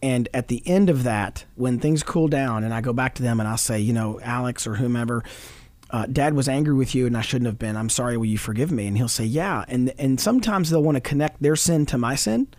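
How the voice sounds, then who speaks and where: A man's voice: mid-range voice, brisk, no room sound. A middle-aged man on a Christian talk show, speaking earnestly about fatherhood, quoting scripture and laughing often. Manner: animated, preachy, quotes scripture, laughs often.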